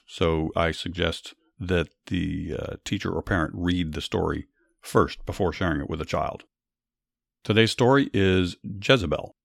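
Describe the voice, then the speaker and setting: Low-voiced man narrating Bible stories. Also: dry recording, studio quality. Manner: steady, plain, earnest reading. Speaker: podcast host and Bible storyteller. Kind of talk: scripted Bible story narration.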